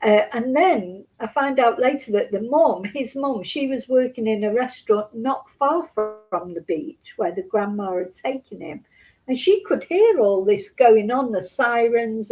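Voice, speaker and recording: A middle-aged woman with a fairly high voice talks to camera, close to tears. She rambles through a personal story, stopping and restarting her sentences. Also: expressive, darkish tone, low-quality recording. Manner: halting, full of restarts and asides. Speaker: Spanish teacher and channel host.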